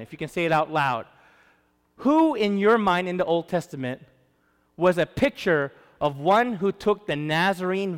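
A man preaching a sermon, animated, swinging from loud emphasis to hushed storytelling. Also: high voice, clean tone. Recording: long hall reverb.

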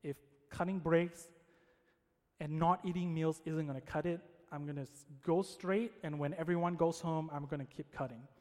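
A man's voice: a little high, steady tone, normal speed, a little mellow, natural voice. Young woodcutter, male, eager and stubborn, told in a long-reverb room, read by a man. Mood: determined.

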